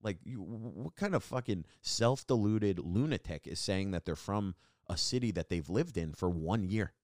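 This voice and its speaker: A young man from Long Island hosting a podcast, telling stories and ranting in a rambling, profane, animated way. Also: lowish voice, moderate pace, no room sound, studio quality. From Long Island, New York. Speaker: podcast host. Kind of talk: casual storytelling monologue.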